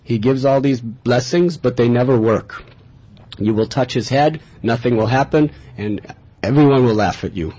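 A man's voice: mid-range voice, normal speed, warm tone, slightly rough, close to an everyday voice. A man voicing a small disguised boy who scolds and persuades a foolish pursuer, in a dull lo-fi recording. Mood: scolding.

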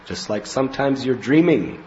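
A man giving a devotional spiritual talk as a teacher, telling anecdotes in an animated way and acting out scenes. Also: mid-range voice, moderate pace, a little hiss or hum. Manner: animated storyteller, acts out scenes with laughs and cries. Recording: slightly muffled lo-fi recording with faint ambience.

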